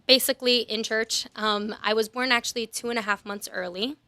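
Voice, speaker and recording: Bright-voiced chatty young woman. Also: on the high side, steady tone, brisk. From New Jersey. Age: 20s. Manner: chatty, laughs easily, self-interrupting. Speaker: podcast guest. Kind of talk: casual testimony chat.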